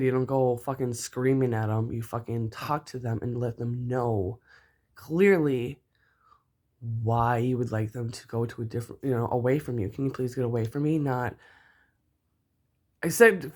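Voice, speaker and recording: Angry mom, profane heated rant, volume swinging between outbursts and low muttering. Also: female voice, fairly even intonation, fast, hardly any pauses. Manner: heated, profane, swears constantly; voice spikes up loud, then drops low. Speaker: mother venting about another parent.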